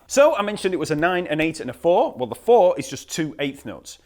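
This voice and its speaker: A man teaching a bass lesson, patiently explaining rhythms, counting beats aloud and scatting the patterns. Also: fairly quick, hardly any pauses, noisy background. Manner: relaxed, patient explaining with fillers. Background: bass guitar playing.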